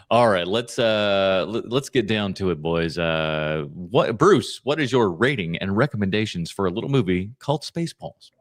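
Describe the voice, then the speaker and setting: A man's voice: on the low side, expressive, measured pace, no echo, clean studio sound. A middle-aged man hosting a casual movie podcast, joking and self-deprecating. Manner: laughing, self-deprecating banter. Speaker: podcast host.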